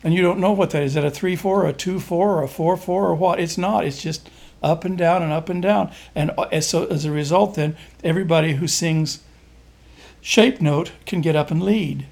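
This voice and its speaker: Halting man explaining music, fairly high voice. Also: vocal fry, darkish tone. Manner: halting, rambling, searches for words with many restarts. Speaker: interviewee. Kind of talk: explaining folk music in an interview.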